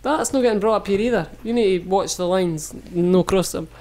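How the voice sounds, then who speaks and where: A Scottish man with a fairly high voice hosts a casual podcast. He rants and jokes with friends, swearing freely in loose banter. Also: fairly quick, a little mellow. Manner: sweary, joking, ranting. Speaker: podcast host.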